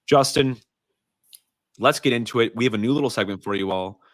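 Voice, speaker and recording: A man with an American Midwest accent, co-hosting a sports podcast in an animated, emphatic way. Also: mid-range voice, fairly quick, no room sound. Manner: animated, emphatic, laughs easily. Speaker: podcast co-host. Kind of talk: casual sports podcast chat with ad reads.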